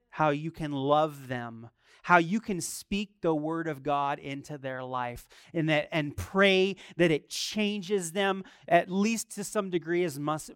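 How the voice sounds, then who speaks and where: Animated man preaching with crisp voice. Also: fairly high pitch, no room sound, clean studio sound. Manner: animated, emphatic preaching with rising outbursts. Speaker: pastor. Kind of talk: sermon.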